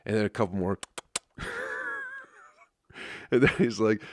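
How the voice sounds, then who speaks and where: A man's voice: fairly low pitch, unhurried, a little mellow, dry recording, clean studio sound. A man who is a comedian, telling rambling, profane stories on his podcast and laughing at them. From Flint, Michigan. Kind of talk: casual storytelling monologue.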